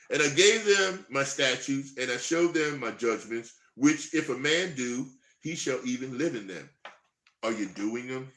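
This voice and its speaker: A man preaching, reading scripture verses slowly and then breaking into heated, emphatic commentary. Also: on the high side, a bit bright, echoey room.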